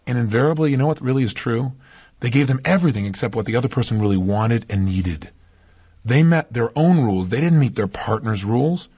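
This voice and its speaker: A man with a husky, rough-edged voice delivers a motivational talk at a brisk clip. He speaks with emphasis and keeps turning to the listener with rhetorical questions. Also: mid-range voice, mellow.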